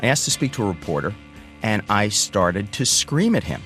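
A man with a low, steady voice tells his own story in a lively way. He switches into the voices of the people he quotes. Guitar music plays clearly under his speech. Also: normal speed. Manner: animated, acts out quoted voices. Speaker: storyteller recounting his career. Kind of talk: spoken personal storytelling.

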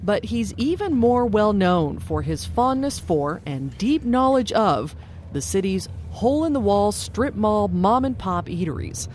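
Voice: medium pitch, big pitch swings, a little slow, darkish tone, a little hiss or hum. A radio host and reporter, moving between scripted narration and casual, curious interview questions, recorded in a car at a drive-thru and then in a restaurant. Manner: friendly, curious, asks short questions.

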